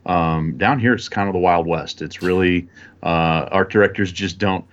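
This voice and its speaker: Very deep-voiced man on a dull line. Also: normal speed. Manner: relaxed, rambling, frequent fillers. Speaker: guest photographer. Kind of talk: casual interview chat.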